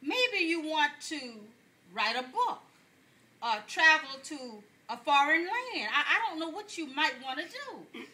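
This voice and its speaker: A man puts on a very high, exaggerated voice with big pitch swings and a sharp tone, playing a chatty older woman pastor. At a measured pace he tells folksy jokes to the congregation, calls them y'all, and laughs along at his own lines. It's an amused stand-up comedy sermon, delivered as a pastor giving a message.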